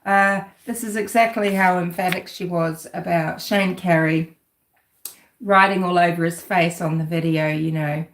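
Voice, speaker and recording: A woman's voice: lowish voice, steady tone, a little slow. A woman giving casual, rambling commentary on a livestream, with a sarcastic edge as she digs into a case. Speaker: true-crime commentator. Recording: roomy echo.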